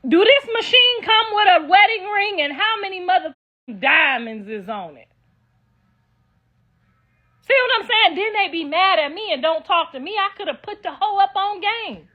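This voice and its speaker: A woman's voice: very high voice, lively intonation, normal speed, highs cut off. An older woman ranting to her viewers in a brash, profane, casual way. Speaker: online commentator.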